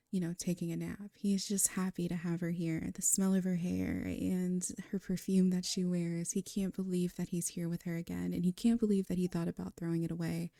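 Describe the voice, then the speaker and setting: A woman's voice: on the low side, vocal fry, no room sound. A young woman narrating a life-sim game story in a casual, chatty way, laughing often, on a close mic. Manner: chatty and warm, with frequent laughs and fillers. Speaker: gameplay storyteller.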